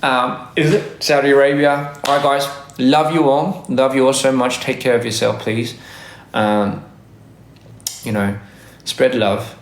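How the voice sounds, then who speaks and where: A man on a casual livestream, giving upbeat, rambling shout-outs to fans and stumbling over his words. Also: medium pitch, steady tone, measured pace, slight background noise. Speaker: musician hosting a live stream. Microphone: phone livestream. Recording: echoey room.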